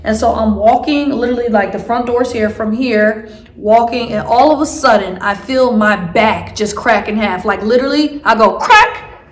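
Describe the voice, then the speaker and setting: A woman vlogger tells a story in a loose, rambling way, leaning on fillers and restarting her sentences. Her voice sits a little high. The recording carries the echo of the room around her. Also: normal speed. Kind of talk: casual storytelling.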